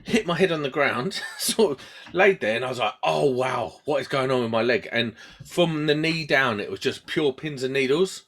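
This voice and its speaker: In a casual storytelling chat on the podcast he co-hosts, a man with a medium-pitched voice talks at normal speed. He acts out quoted voices animatedly and keeps laughing at himself.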